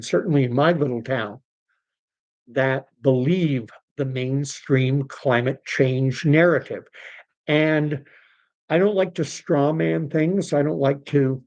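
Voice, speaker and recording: With highs cut off, the mid-range voice of this Canadian podcast host sounds a little mellow. He speaks Canadian English on an unscripted livestream, working through ideas conversationally with fillers and restarts.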